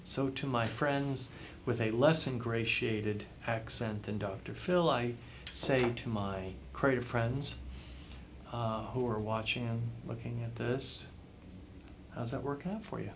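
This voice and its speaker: A man's voice: medium pitch, fairly even intonation, slow pace, noisy background. A man being interviewed as a guest author, giving advice in an emphatic way and repeating phrases for effect. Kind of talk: interview answers, motivational advice.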